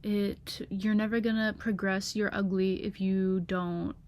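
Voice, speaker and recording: A woman's voice: medium pitch, steady tone, unhurried, a little mellow. A young woman vlogging in casual chat, talking through her laptop webcam, chatty and gushing with lots of fillers.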